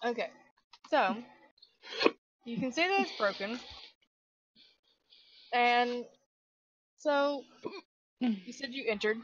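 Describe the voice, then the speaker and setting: A woman acting as game master in a tabletop role-playing game, narrating scenes and calling for dice checks in a loose, relaxed way with frequent fillers. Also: fairly high pitch, slow pace, pauses often, no echo, highs cut off. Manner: relaxed, with many fillers and restarts.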